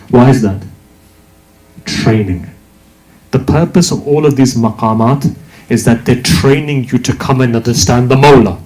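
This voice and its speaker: Male preacher giving an emphatic sermon; mellow, relaxed voice in a roomy space. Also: mid-range voice, measured pace. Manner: emphatic, with rhetorical questions. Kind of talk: religious sermon. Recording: echoey hall.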